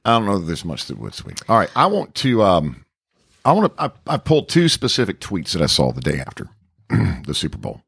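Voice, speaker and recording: A man co-hosting a radio show, teasing and joking in a wry, deadpan way during casual chat. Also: deep voice, brisk, creaky, husky, no room sound, clean studio sound. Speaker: radio co-host.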